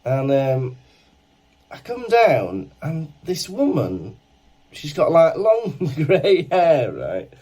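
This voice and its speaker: A man, co-hosting a podcast and telling a lively anecdote in casual chat. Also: on the high side, very slow, slightly rough. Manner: animated anecdote-telling with laughs and acted quotes. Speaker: podcast co-host.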